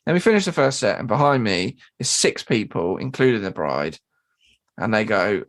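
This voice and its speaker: A man tells a story on a casual podcast, his pitch leaping around as he talks. He swears freely and jumps into high, squeaky impressions of other people. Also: a little fast. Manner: animated, sweary, mimics people in high voices. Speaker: podcast co-host and drummer.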